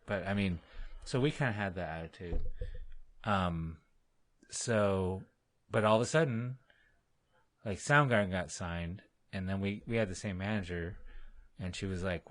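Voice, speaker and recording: A man, a musician guest on a podcast, telling animated stories in casual chat and acting out what others said. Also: low voice, moderate pace. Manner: animated, laughing, acts out quotes in other voices. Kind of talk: casual storytelling.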